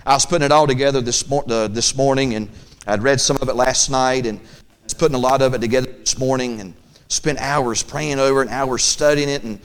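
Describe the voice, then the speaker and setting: A male pastor preaching a midweek sermon in church, rising to loud, fervent peaks and dropping to quiet, hushed talk, often repeating and restarting phrases. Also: medium pitch.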